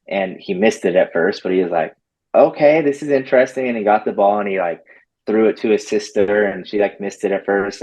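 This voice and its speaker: A man's voice: low-pitched, rough recording. A man, a dog trainer, telling a story in a casual interview and acting out what people said, with lots of "like". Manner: animated, acts out quotes with lots of "like".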